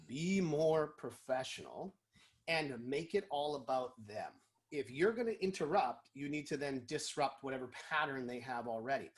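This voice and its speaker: A man, a guest in a casual interview, explaining sales calls and acting out quick snippets of phone chats. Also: medium pitch. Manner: animated, acts out phone calls.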